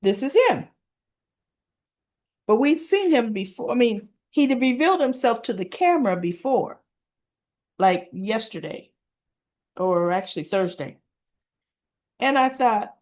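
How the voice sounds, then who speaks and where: A woman's voice: fairly high pitch, lively intonation, measured pace, pauses often, a little mellow. A woman casually retelling soap opera episodes for her channel, chatty and full of asides. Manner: chatty, leisurely storytelling with asides and fillers. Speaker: soap opera recap vlogger.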